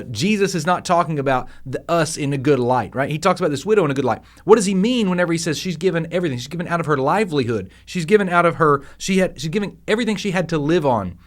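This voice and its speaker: A man hosting a devotional podcast, teaching scripture in a casual, animated way with frequent restarts. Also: fairly high pitch. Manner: conversational, animated, with fillers and restarts.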